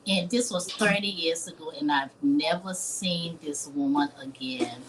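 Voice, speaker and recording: Woman from Liberia, fifties, earnest dramatic storyteller, lower voice, faint background hum. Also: a little slow, poor audio. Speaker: chef guest. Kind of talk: personal storytelling in a live interview.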